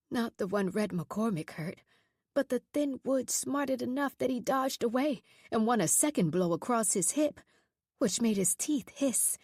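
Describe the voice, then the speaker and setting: A woman narrating a horror audiobook in a measured, steady storytelling voice. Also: a little high, slightly rough, dry recording, clean studio sound.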